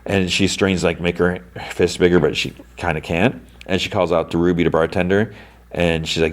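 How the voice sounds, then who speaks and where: Low-voiced man rambling through a recap. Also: fairly even intonation, moderate pace. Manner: rambling, heavy on "like" and "um" fillers. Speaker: podcast host. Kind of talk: casual episode recap.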